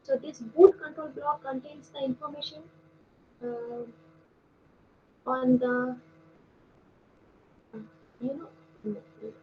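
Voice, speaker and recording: High-voiced woman lecturing over a call. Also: fairly even intonation. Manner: explanatory, with frequent pauses and fillers. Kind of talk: online lecture. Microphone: video call. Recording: dull lo-fi call audio with faint noise.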